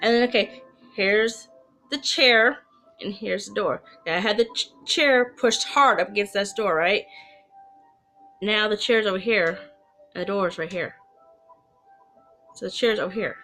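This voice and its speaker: A woman's voice: medium pitch, measured pace, pauses often, pushed and bright, soft background music. A woman telling her own ghost story to camera in a casual, chatty way, rambling with asides and restarts. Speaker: storyteller of personal ghost stories.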